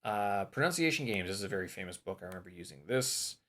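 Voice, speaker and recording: A man with a fairly low voice talks casually through course material as a vlog host. He rambles and thinks aloud, often trailing off and starting over. Now and then he tries out word stress aloud on a single word. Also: expressive, fast, fairly bright tone. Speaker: language-learning vlog host.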